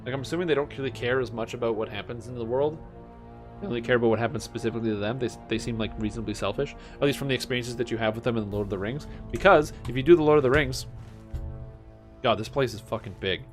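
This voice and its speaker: Young male streamer, mid-pitched, excitable and casual, faint music bed behind him. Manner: excitable, swears, chats with viewers; mimics characters in quick offhand voices. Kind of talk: casual gameplay commentary.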